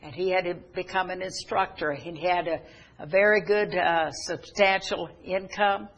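A woman's voice: on the low side, steady tone, fairly bright tone, highs cut off. Earnest woman preaching a sermon. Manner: earnest, halting with restarts and fillers. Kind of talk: sermon storytelling.

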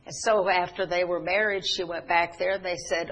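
A woman's voice: lowish voice, steady tone, normal speed, fairly bright tone, highs cut off. A middle-aged woman preaching a sermon, telling stories earnestly, with frequent restarts and fillers. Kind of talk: sermon storytelling.

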